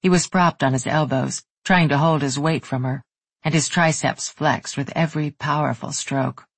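An audiobook narrator giving a soft, unhurried, intimate reading of a romance novel. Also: mid-range voice, steady tone, breathy edge, no room sound.

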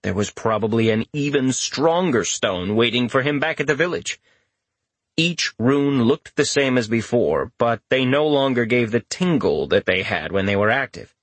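Husky-voiced male audiobook narrator. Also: medium pitch, moderate pace, no room sound. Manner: expressive, animated narration with character voices. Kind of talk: scripted narration.

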